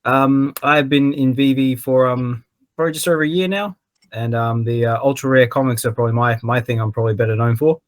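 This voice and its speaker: A man's voice: mid-range voice, steady tone, brisk, no echo. A man chatting casually, hesitant with many fillers. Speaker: podcast panelist. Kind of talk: casual chat.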